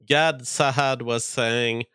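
A man's voice: medium pitch, fairly even intonation, slow pace, bright, forceful tone, clean tone, no echo, clean studio sound. A man streaming, reacting to a video clip and reading viewer comments aloud, giving frank, argumentative commentary. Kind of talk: opinionated commentary.

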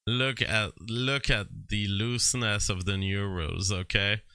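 A man's voice: on the low side, fairly even intonation, sharp tone, no echo. A man from Quebec hosting a livestream, commenting on news and reading viewer chat with frequent fillers and restarts. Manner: slow, drawn-out delivery with frequent fillers and restarts.

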